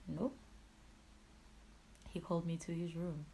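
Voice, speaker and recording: A young woman telling a painful personal story in a raw, emotional way, her voice swinging from hushed to loud. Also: sits low, a little slow, slight background noise, rough recording. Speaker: YouTuber.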